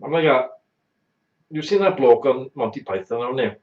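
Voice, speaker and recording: A man's voice: mid-range voice, expressive, moderate pace. Man telling a bawdy tale. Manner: blunt, exaggerating, bawdy storyteller. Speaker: talk show host. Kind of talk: comic anecdote on a live talk show. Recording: roomy, dull lo-fi sound.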